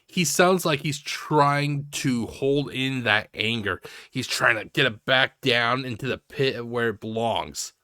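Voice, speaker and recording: A man's voice: medium pitch, a little slow, hardly any pauses, bright, forceful tone, no room sound, clean studio sound. A man giving mocking reaction commentary, sarcastic and ranting, swearing heavily. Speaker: commentary host.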